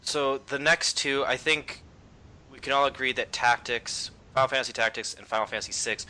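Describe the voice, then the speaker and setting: A man hosting a casual podcast discussion, relaxed, leading the talk with frequent ums. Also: mid-range voice, brisk. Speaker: podcast host.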